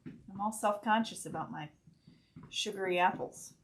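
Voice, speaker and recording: A woman from Ohio, hosting a craft live stream and chatting in a relaxed, self-deprecating way as she stitches. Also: mid-range voice, normal speed, a little hiss or hum. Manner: relaxed, self-deprecating, talks while sewing. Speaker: host demonstrating stitching. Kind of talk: casual live-stream chat while crafting.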